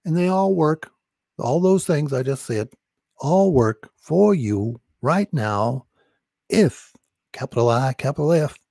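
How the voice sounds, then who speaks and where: A man with a dark, gravelly voice preaches with urgent, insistent repetition, leading a prayer for salvation. The sound is dry and close, with no room around it. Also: on the high side, lively intonation, slow pace, no room sound. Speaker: deliverance preacher.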